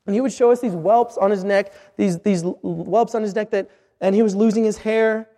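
A high-pitched man preaches with earnest urgency, circling back and restarting his phrases as he pleads with the listener. His voice rings out with a long hall reverb behind it. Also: steady tone, moderate pace, mellow. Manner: earnest, repetitive, with frequent restarts. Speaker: missionary preacher. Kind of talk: sermon.

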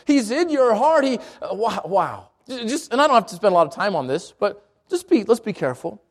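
Male preacher, high-pitched voice, chatty sermon style, calls on people in the pews, restarts phrases. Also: big pitch swings, fairly quick. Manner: conversational, asks the congregation questions, repeats words.

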